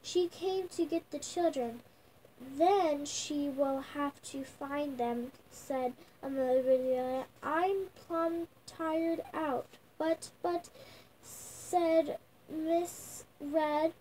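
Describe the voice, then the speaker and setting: Young girl, high voice, slow halting storybook read-aloud with restarts, faint room noise. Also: steady tone, mellow, rough recording. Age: child. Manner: slow halting reading, sounding out words with restarts. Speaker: young reader. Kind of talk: reading a picture book aloud. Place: at home.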